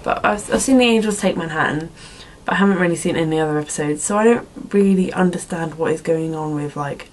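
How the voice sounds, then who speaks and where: A woman's voice: deep voice, fast, hardly any pauses. A young woman chatting casually on her vlog, rambling and giggly, often laughing at herself. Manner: rambling and giggly, self-deprecating, with many fillers. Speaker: vlogger answering viewer questions. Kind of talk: casual chat.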